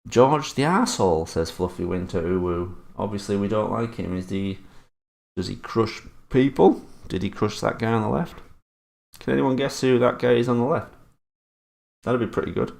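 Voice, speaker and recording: Casting a male streamer with a gravelly, creaky voice who hosts a chat quiz and swears playfully. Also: lowish voice, moderate pace, a little mellow. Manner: swears often and teases the chat. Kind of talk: live-stream chat reading.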